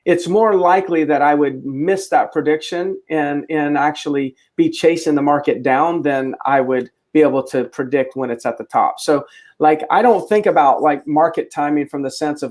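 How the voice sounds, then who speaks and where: A realtor co-hosting a real estate show offers his opinions casually in a market discussion, often restarting his sentences. His voice is fairly high and darkish, at a moderate pace.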